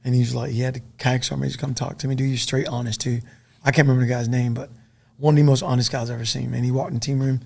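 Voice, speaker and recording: A middle-aged man and former soldier, a podcast guest telling stories in a casual, profane, animated way. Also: medium pitch, very fast, vocal fry. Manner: profane, animated storytelling full of dude and man.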